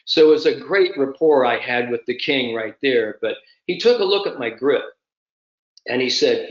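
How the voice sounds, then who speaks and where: A man in his fifties, a sport psychologist, telling an anecdote with animated storytelling during an online summit. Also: medium pitch, normal speed, roomy sound, highs cut off. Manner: animated anecdotal storyteller, addresses the host by name.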